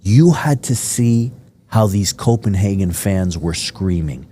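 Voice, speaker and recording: A podcast host from Miami with a very low voice. He tells his stories in a rambling, enthusiastic way, full of fillers and asides. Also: lively intonation, slow pace, dark tone. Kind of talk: casual interview chat.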